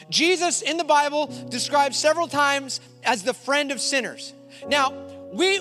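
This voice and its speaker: A middle-aged male pastor preaching a sermon to a congregation, telling a personal story and rising to forceful emphasis. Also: very high voice. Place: church before a congregation.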